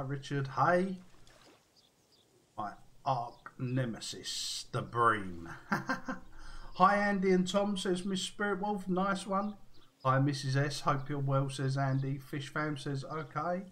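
A man's voice: on the high side, a bit bright. A man live-streaming a fishing game, chatting casually and reading viewer messages aloud.

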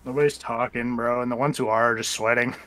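A man's voice: medium pitch, fairly even intonation, fast, a bit bright. Dry, grumbling young man gaming. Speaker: game player. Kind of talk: casual gaming chat.

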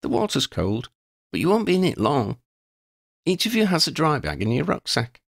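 Male narrator doing a decisive young woman leader, kind but firm, storybook reading with a low gravelly base voice. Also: huge pitch swings, normal speed, no room sound, clean studio sound, full character voice. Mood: firm, reassuring. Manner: reassuring, decisive. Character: young witch leading a group, calm, firm, kind.

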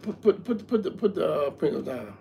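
A man's voice: on the high side, big pitch swings, a little fast, vocal fry, lo-fi sound, slight background noise. A man in a comedy skit, stammering and repeating words as he launches into profane rants.

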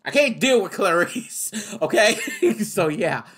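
A young man reacting to a trailer in a casual way, excitable and loud, swearing and laughing often. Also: sits high, slow pace, breathy edge. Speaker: reaction video host.

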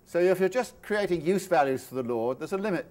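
A man's voice: high voice, animated, brisk, darkish tone. A male professor giving a university lecture, explaining ideas in a thoughtful, step-by-step way, with asides and restarts. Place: lecture room.

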